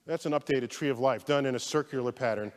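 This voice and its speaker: A man giving an animated public science lecture, theatrical, swinging from loud outbursts to hushed asides. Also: medium pitch, fast. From United States. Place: large lecture hall. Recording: long hall reverb.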